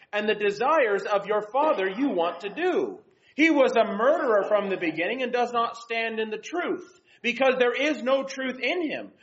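A young woman giving an earnest devotional Bible lesson and reading scripture aloud. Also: fairly high pitch. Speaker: Bible teacher. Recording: dull lo-fi recording.

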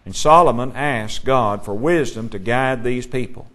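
A man's voice: mid-range voice, a little slow, a bit bright. Man teaching a Bible class; asks questions, reads verses aloud.

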